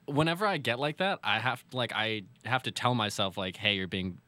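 A man's voice: fairly low pitch, fairly quick, pushed and bright, no echo. A young man hosting a casual chat, rambling and laughing often.

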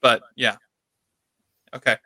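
A man's voice: takes it slowly, sharp tone, dry recording. A man co-hosting a podcast in casual chat, teasing his co-host with upbeat banter.

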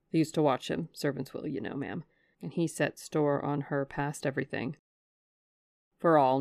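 A woman's voice: low-pitched, vocal fry, darkish tone, no echo, clean studio sound. A woman voicing a respectful middle-aged man, a former butler who tells a story in a confiding, deferential way.

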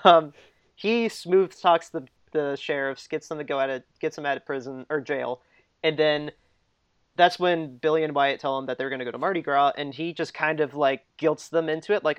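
A man's voice: a little high, moderate pace, smooth, no echo. A man co-hosting a casual film discussion, chatty, laughing often and restarting his sentences. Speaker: podcast co-host.

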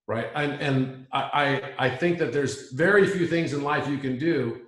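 A man's voice: medium pitch, moderate pace, a bit bright. Earnest musing man in an echoey room. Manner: musing, earnest, circles back to restate points. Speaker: guest. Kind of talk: reflective spiritual conversation. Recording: roomy echo.

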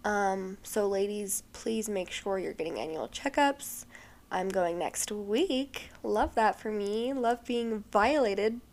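A woman's voice: medium pitch, takes it slowly, vocal fry, darkish tone. A young woman hosting a podcast, talking casually and emotionally with lots of fillers, sounding tired. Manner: chatty and emotional, many fillers. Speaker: podcast host.

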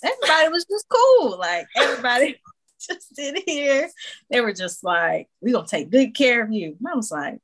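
A woman guest on a podcast casually telling a personal story, animated, acting out what others said and laughing often. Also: fairly high pitch, moderate pace. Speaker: podcast guest, new mother.

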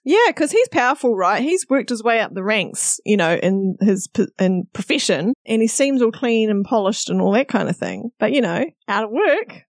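A bubbly woman co-hosting a casual podcast chat, her voice fairly high and swinging up and down a lot. She giggles easily as she puts the questions to the others. The sound is dry, with no room echo. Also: sing-song, moderate pace, few pauses. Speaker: podcast co-host.

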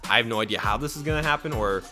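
A young man hosting a solo sports podcast, rambling, correcting himself often and jumping up in pitch when excited. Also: very fast, music in the background. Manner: rambling, self-correcting, animated with pitch jumps.

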